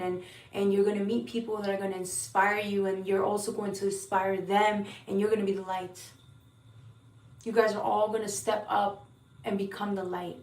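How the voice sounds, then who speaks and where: A woman's voice: mid-range voice, a little mellow, echoey room, recorded from a distance. A woman giving a heartfelt, earnest spiritual tarot reading to her viewers, often repeating words and sometimes swearing. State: emotional at times. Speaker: tarot reader.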